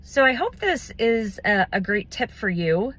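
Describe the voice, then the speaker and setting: A woman giving a motivational talk about communication, thoughtful and unhurried, with pauses and fillers. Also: fairly high pitch, very animated, a bit bright. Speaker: business community speaker.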